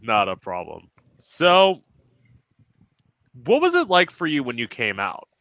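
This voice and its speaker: A man hosting a casual interview, relaxed and agreeable, swearing casually. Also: medium pitch, a little slow, no echo. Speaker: host.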